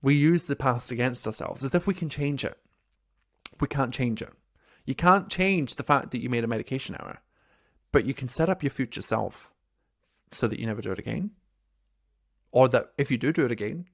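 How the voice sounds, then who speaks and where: A man, a coach for nurses giving an earnest, animated motivational talk full of rhetorical questions. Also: medium pitch, a little fast, creaky, pauses often. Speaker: podcast host, nurse coach.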